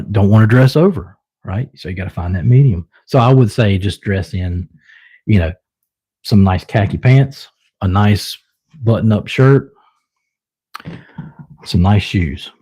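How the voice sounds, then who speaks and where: A man's voice: lowish voice, warm tone, breathy edge. A young man with a Southern US accent, chatting loosely with viewers on his own live stream, rambling with lots of fillers. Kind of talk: casual live stream chat.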